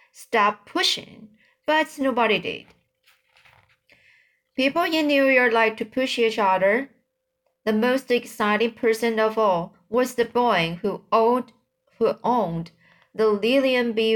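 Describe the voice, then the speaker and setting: Slow, unhurried woman reading a storybook. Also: mid-range voice. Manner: unhurried, with occasional slips and rereads. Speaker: reader. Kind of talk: reading a children's novel aloud.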